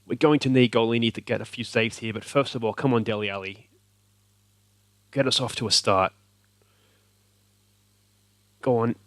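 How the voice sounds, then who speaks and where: Australian male let's-play host, mid-pitch, lively game commentary, cheers at the screen, dry close sound. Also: fairly quick, no echo. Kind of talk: excited gameplay commentary.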